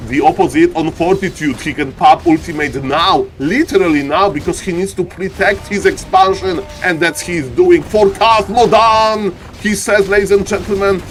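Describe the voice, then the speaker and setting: A man's voice: high voice, moderate pace, hardly any pauses, faint music behind. A man casting a live strategy-game match as an esports streamer, hyped and playful, with showman patter and rambling asides. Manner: hyped, showman patter, keeps saying "ladies and gentlemen".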